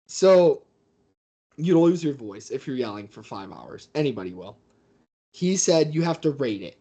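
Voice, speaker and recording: A man who works as a fight commentator, telling stories as a guest in a casual interview with a mid-pitched voice. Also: measured pace. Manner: animated storyteller.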